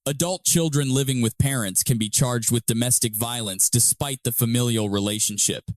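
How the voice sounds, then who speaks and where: A man reading a formal scripted narration about a police case in an even tone. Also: medium pitch, normal speed, slight background noise.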